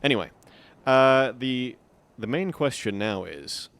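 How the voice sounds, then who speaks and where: A man's voice: mid-range voice, expressive, slow pace, fairly bright tone. A man casually commenting on his gameplay during a live stream, wry and swearing when startled.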